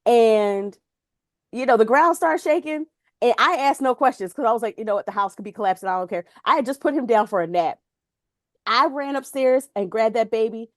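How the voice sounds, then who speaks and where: Animated high-voiced woman podcast co-host. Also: a little fast, no echo, studio quality. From Pennsylvania. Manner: animated storytelling, laughs often. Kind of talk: casual chat.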